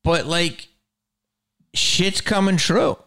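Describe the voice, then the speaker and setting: A man hosting his own podcast, rambling in a casual, profane monologue that swings from mumbles to loud outbursts. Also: sits high, very slow, clear, resonant tone, no room sound, clean studio sound. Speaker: podcast host.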